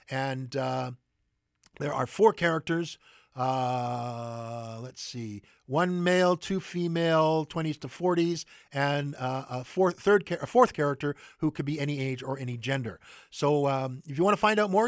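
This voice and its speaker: A man hosting theater announcements, stumbling through with fillers and self-corrections. His voice sits a little high, and it is recorded close to the mic, dry and without room sound. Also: dry recording. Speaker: theater news host. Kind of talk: casual radio announcements.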